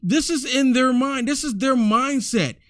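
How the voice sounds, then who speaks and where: A man hosts a commentary video, his voice sitting high and sounding dry and close. He talks in a preachy, exclamatory way and keeps repeating his words for emphasis. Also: measured pace, dry recording. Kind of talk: indignant commentary over clips.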